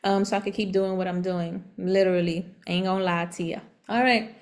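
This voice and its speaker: A woman giving a casual tarot reading, chatty and animated, laughing often and using relaxed slang. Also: lowish voice, brisk. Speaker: tarot reader.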